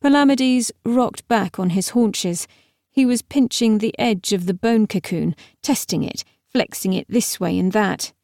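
A woman narrates a novel in a measured, expressive manner. Her voice sits in a middle register. The recording is close and completely dry. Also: mid-range voice, no echo. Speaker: audiobook narrator. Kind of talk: scripted narration.

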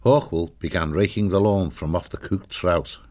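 Deep-voiced male storybook narrator. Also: normal speed, darkish tone. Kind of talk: scripted narration.

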